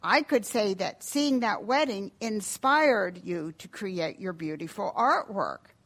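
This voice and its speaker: A woman voicing a cheerful, patient father in a children's story, speaking slowly and loudly as he explains words. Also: medium pitch. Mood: booming.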